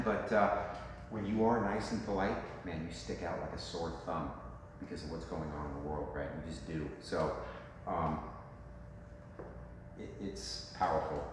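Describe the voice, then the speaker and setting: A man in his fifties coaching a room of real estate agents in a lively, joking way, asking "right?" often. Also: deep voice. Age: 50s. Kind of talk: talk to a room. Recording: echoey hall with faint noise.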